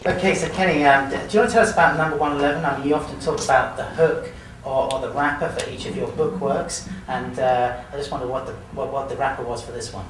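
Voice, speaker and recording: A man moderating a talk rattles out a quick, stumbling question. He sounds far from the mic, in an echoey space. Clear background noise sits behind him. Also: medium pitch, steady tone.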